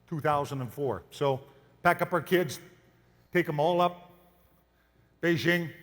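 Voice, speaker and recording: A man's voice: fairly high pitch, unhurried, long pauses, a bit bright. Canadian man telling stories in a hall. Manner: folksy storytelling, asks audience questions. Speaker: motivational speaker. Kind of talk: keynote talk to an audience.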